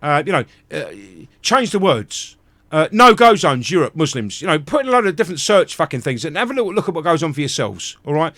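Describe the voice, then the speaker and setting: Angry high-voiced British man ranting. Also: sing-song, brisk, fairly bright tone, dry recording. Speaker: live stream host. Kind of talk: livestream rant.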